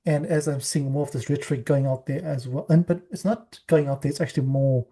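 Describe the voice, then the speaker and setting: A man's voice: mid-range voice, steady tone, fairly quick, mellow, husky. A man hosting an interview, asking long questions in a stumbling way with repeated words. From New Zealand. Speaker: podcast host.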